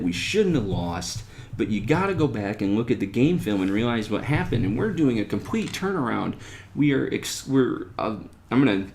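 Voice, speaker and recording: Low gravelly man ranting on a podcast. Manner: animated, sarcastic, pitch jumps on rhetorical questions. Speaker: podcast host. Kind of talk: opinion rant podcast. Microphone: desktop USB microphone.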